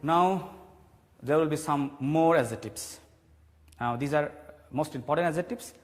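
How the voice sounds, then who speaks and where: A man teaching a televised grammar class, explaining slowly and repeating key points. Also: on the high side, faint music behind. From Bangladesh. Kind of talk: televised classroom English lesson. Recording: long hall reverb.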